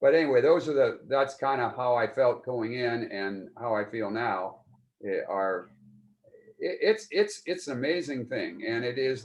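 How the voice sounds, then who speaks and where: A man in his seventies giving a client testimonial in a casual interview, earnest and rambling, often restarting his sentences. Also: on the low side. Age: 70s. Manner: earnest, rambling, with many repeated starts.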